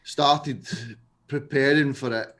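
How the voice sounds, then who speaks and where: A man's voice: on the high side, steady tone, slow, fairly bright tone. A young man co-hosting a charity livestream, chatting casually and asking viewers to donate. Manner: laid-back, asks viewers to donate. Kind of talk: casual chat.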